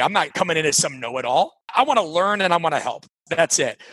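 A man from Nebraska, a coaching author, telling stories in an energetic, emphatic interview style and acting out quoted dialogue. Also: on the high side, dry recording, low-quality recording. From Nebraska, USA. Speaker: coaching author and podcast guest. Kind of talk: conversational interview storytelling.

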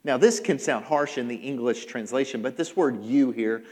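A man's voice: medium pitch, normal speed, darkish tone. A man preaching a sermon as pastor, emphatic and repetitive, sometimes acting out the people he quotes. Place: church sanctuary. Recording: long hall reverb.

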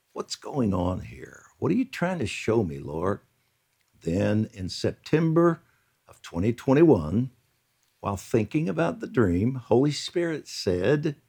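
A man reads a devotional prayer story at an unhurried pace, his voice gravelly and a little husky. His pitch moves a lot, climbing high whenever he voices a quote. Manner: slow, earnest reading with lively rises on quotes. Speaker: podcast host reading a prayer account. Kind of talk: devotional reading aloud.

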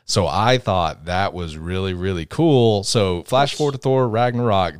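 A man hosting a podcast, chatting excitedly and rambling as a film fan. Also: sits low, a little slow, hardly any pauses, clean tone, no echo, clean studio sound. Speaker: podcast host. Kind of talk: casual podcast chat.

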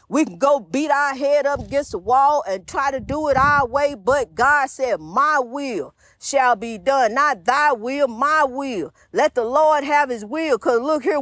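High-voiced woman preaching with fervor. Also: a bit bright, no room sound, clean studio sound. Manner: rhythmic, repetitive exhortation, calls listeners honey. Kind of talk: informal preaching.

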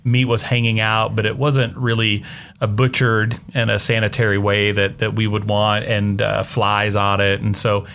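A man, a missionary guest on an interview show, telling stories in an unhurried way with many "uh"s and "you know"s. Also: on the low side, flat delivery, creaky, a bit bright, a little hiss or hum. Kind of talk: casual storytelling interview.

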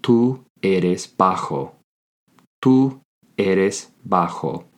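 Slow, deep-voiced male Spanish teacher. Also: animated. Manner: slow, deliberate, repeats each phrase. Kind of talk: scripted language lesson.

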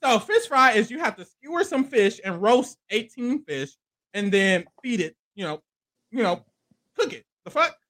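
In a casual podcast recap of a reality show, a co-host jokes and swears, frequently laughing and acting out the contestants' words in loose, profane slang. The voice is mid-range and sing-song at a moderate pace, with a fairly bright tone.

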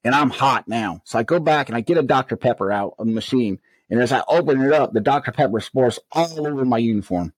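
Animated male storyteller, dry close sound. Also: medium pitch, fast talker, hardly any pauses, no room sound, poor audio. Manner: animated storyteller who acts out quoted exchanges. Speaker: interview guest, correctional officer. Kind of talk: storytelling in a podcast interview.

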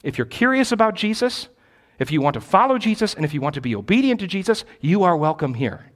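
Man, pastor, teaching sermon, high voice, very lively intonation, emphatic, repeats phrases for stress. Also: fast talker.

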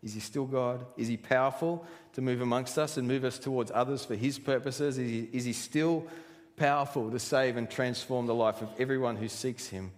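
Pastor preaching in an echoing hall. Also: male voice, medium pitch, steady tone, normal speed. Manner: earnest preaching, full of rhetorical questions. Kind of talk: sermon. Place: church hall. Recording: reverberant church hall.

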